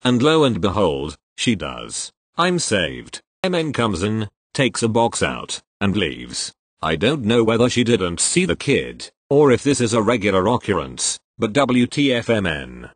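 A man reading online posts aloud as storytelling, in a wry, expressive manner. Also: lowish voice, a little slow, hardly any pauses, husky, no echo.

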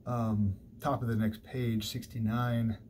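A man's voice: mid-range voice, level tone, takes it slowly, a little mellow, slight background noise. Guy professor talking through a poem, casual and meandering, lots of um and so. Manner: conversational, digressive, thinking aloud with fillers. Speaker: literature lecturer. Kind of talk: recorded university lecture. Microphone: single mic, recorded lecture.

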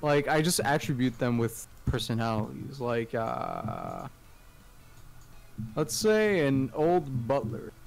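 Slow-talking playful man. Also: mid-range voice, huge pitch swings, creaky, soft background music. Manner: rambling, playful, trailing off. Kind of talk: casual chat.

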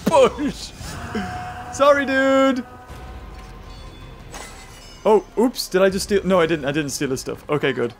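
A young man commentating a game playthrough, excitable and laughing often. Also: a little high, fast, hardly any pauses. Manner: laughs often, cheers at the screen. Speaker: gaming video host. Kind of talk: excitable let's-play commentary. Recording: commentary over game music.

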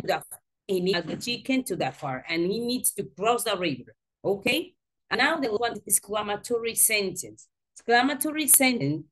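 Woman teacher, slow patient grammar explaining, high-ish voice, really animated pitch. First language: Spanish. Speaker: English teacher. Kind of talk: online grammar lesson. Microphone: video call.

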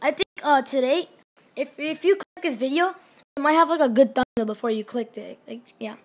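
Hyper high-voiced woman gushing over gameplay. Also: moderate pace. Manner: gushing, hyper, repeats exclamations; swings between loud cheers and mumbled asides. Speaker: gaming channel host. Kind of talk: excited gameplay commentary.

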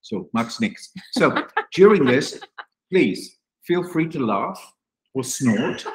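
A man's voice: medium pitch, very animated, slow, a little hiss or hum, rough recording. A man hosting a live play reading, making wry jokes to a small audience in a room. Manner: joking, wry asides. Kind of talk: casual live introduction.

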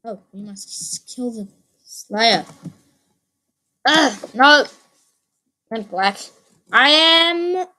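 A woman hosting her own gaming channel, giving excitable let's play commentary, repeating phrases and letting out sudden yelps. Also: on the high side, drawn-out words, pauses often.

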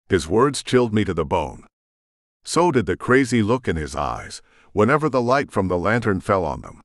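A man reads a first-person audiobook in a very low voice with lively intonation. His delivery is tense and dramatic. The recording is dry and close, made in a booth. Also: normal speed, no room sound. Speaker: audiobook narrator.

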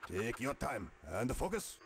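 Stern game announcer. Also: male voice, medium pitch, big pitch swings. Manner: slow, measured warnings. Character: stern male game announcer giving warnings. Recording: distant game audio under loud noise.

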